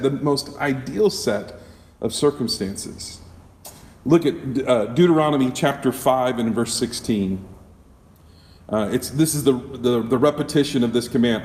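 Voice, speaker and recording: A man's voice: mid-range voice, darkish tone. A man preaching a sermon as a pastor, conversational, with rhetorical questions and frequent self-corrections. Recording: echoey hall, mic at a distance.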